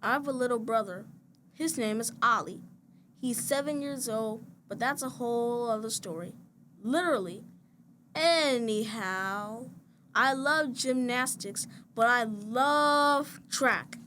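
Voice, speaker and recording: A woman reading a children's picture book aloud in a gentle, even storytelling manner. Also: a little high, normal speed. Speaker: storybook reader. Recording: noisy background hiss.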